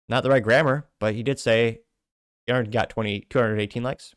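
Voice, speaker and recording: A man's voice: mid-range voice, a little fast, no room sound, clean studio sound. A man hosting a show, reading viewer comments aloud with wry asides in between. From United States. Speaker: show host.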